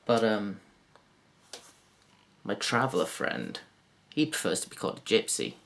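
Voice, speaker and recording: A man doing a rambling, crude, self-mocking stand-up monologue to camera, jumping into silly high put-on voices. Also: sing-song, measured pace, vocal fry, long pauses, a bit bright. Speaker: comedian.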